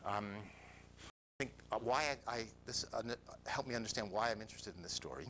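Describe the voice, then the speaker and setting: An older man telling a personal story to an audience. He is animated and self-mocking, and he drops into whispers for quoted lines. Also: lowish voice, brisk, a little hiss or hum.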